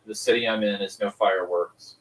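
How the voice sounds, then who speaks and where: A man's voice: fairly low pitch, fairly even intonation, a little fast, far from the mic, slight background noise, low-quality recording. An easygoing, agreeable man chatting casually. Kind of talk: casual chat.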